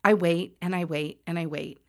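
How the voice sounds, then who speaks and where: Woman in her forties, low-ish voice, loud and sassy storyteller, self-mocking asides. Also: steady tone, normal speed. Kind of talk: personal story told to an audience.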